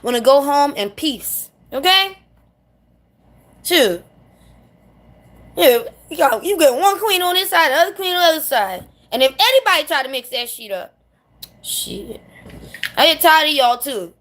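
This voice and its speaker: A woman's voice: sits high, big pitch swings, a little slow, pauses often, a bit bright. A woman from New City, ranting bluntly and sassily to camera in a casual monologue, swearing freely. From New York City. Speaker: vlogger.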